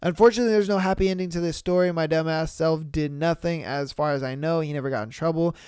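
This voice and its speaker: Brief: male podcast host, animated and slangy, smooth, slightly high voice, dry close-mic sound. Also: quick pace, dry recording. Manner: animated, slangy, exclaims often. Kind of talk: casual reading and reacting to listener stories.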